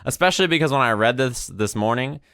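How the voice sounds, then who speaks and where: Streaming from a home room with a window, a twenty-something fighting game commentator rambles in a laid-back, profane way, frequently tacking "right?" onto what he says. He talks fast in a mid-range, fairly bright voice with lively intonation, and the dry recording has clean studio sound.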